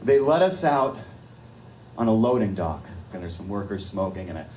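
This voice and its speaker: Man, comedian, stand-up storytelling, animated, laughs as he talks, echoey room. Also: lowish voice, moderate pace, slight background noise. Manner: animated, laughs through his own story.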